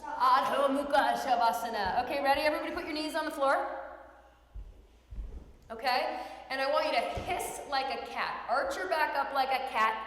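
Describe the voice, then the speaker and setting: A woman teaches children yoga in a bright, high voice, giving encouraging cues and playful animal prompts. Her voice rings around a roomy studio with a long reverb tail. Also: slight background noise. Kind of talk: guiding a kids' yoga class. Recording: echoey room with long reverb.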